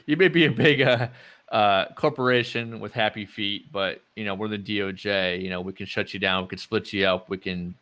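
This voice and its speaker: Low bright-voiced man, podcast guest. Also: fairly even intonation, normal speed. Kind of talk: casual podcast chat.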